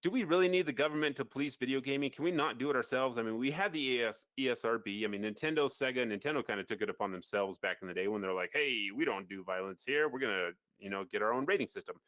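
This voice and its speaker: A man co-hosting a casual gaming podcast, animated and sarcastic, rambling with restarts. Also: mid-range voice, rapid-fire, few pauses, no room sound. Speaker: podcast co-host. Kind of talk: casual chat.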